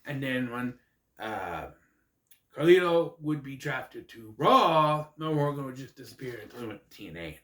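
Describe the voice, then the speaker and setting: A man's voice: medium pitch, big pitch swings, moderate pace, fairly bright tone. A man rambling through a casual, jokey recap monologue with asides. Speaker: wrestling recap vlogger. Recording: echoey room.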